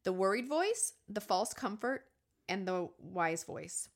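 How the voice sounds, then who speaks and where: A woman's voice: medium pitch, takes it slowly. A woman in her thirties hosting a podcast, talking openly and animatedly about her own life and acting out her inner voices. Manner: open, animated, confessional storytelling with acted inner voices. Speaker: podcast host. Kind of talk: candid conversational podcast talk.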